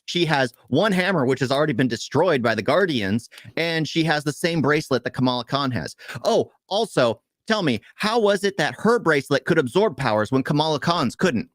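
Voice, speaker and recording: A man's voice: fairly high pitch, animated, fairly quick, few pauses, dry recording. A man co-hosting a casual movie review, ranting in frustration with rhetorical questions.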